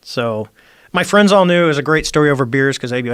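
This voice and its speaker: A man's voice: medium pitch, very fast, vocal fry, dry recording, studio quality. A middle-aged man, a former Navy squadron commander, telling a story as a podcast guest, acting out the quoted dialogue with energy. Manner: animated, acts out quoted dialogue. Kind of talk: conversational storytelling. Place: podcast studio.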